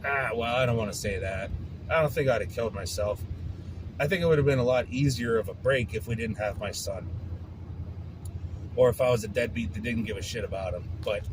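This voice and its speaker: A man hosting his own podcast vents in a frustrated, profane, casual rant delivered as a monologue. His voice is medium-pitched and fairly quick, with background noise present.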